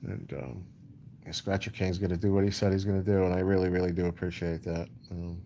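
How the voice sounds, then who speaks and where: A man talks loosely to his livestream chat, answering comments one by one. His voice is low and dark, with little rise and fall. A faint background hum sits under the talk. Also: little pitch movement, fairly quick, vocal fry. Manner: rambling, repeats "you know", answers chat comments. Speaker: livestream host.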